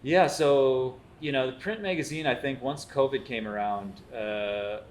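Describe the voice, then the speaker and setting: A man's voice: medium pitch, measured pace, a little hiss or hum. A man, hosting a food show and telling stories in casual chat, acting out the quotes as he goes. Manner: animated storyteller, acts out quotes.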